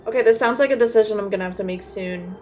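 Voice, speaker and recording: A young woman streaming a game, giving excitable, joking commentary. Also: mid-range voice, racing, faint music behind.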